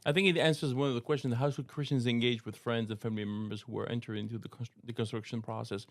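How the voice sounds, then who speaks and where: A middle-aged man with a French accent talks earnestly on a podcast, stopping to repeat words as he finds his phrasing. His voice sits at an ordinary pitch in a dry, close room. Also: steady tone, fast talker, no echo. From France. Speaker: co-host, apologetics teacher. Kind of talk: casual podcast discussion.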